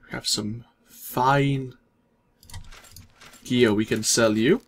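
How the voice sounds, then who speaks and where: A man hosting a let's play, casually commenting on his gameplay in a relaxed, self-deprecating way, thinking aloud as he goes. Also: medium pitch, very slow.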